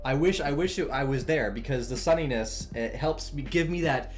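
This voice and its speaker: A young man streaming as he draws, chatting in a relaxed way, answering chat and laughing often. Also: mid-range voice, moderate pace, faint music behind. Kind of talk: casual chat while drawing on stream.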